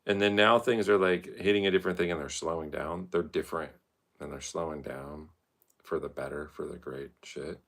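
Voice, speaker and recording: A man talking to camera late at night in his art studio, rambling and swearing, often jumping into high mocking voices. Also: moderate pace, fairly bright tone. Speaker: vlogger.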